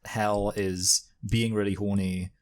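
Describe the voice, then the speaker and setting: A man with a very low, deep voice talks over a film in loose, casual chat. He rambles and circles back, and his sentences are full of fillers and restarts. He sounds like a co-host riffing on a review show. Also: flat delivery, takes it slowly.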